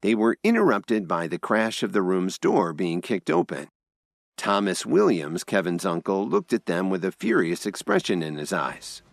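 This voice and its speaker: A man's voice: low voice, wildly swooping pitch, moderate pace, creaky, no echo, clean studio sound. A man narrating an audio drama in a scripted storytelling style. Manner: voices all characters himself.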